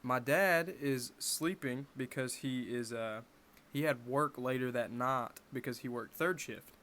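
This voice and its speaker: A young man in his bedroom telling a personal story to camera in a casual, animated way with wry asides. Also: medium pitch, unhurried. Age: young adult. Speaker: vlogger.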